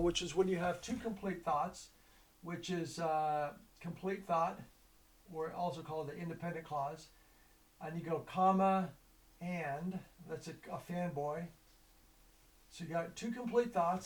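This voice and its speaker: A man's voice: a little high, darkish tone. A man teaching a homeschool grammar lesson, explaining it as a loose, conversational story with many restarts.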